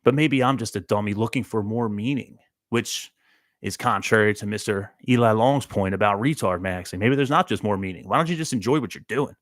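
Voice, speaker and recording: A man's voice: on the low side, fairly quick, dry recording, studio quality. A man hosting a rambling solo stream, talking in a profane, introspective, self-questioning way. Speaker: host. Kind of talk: rambling solo livestream monologue.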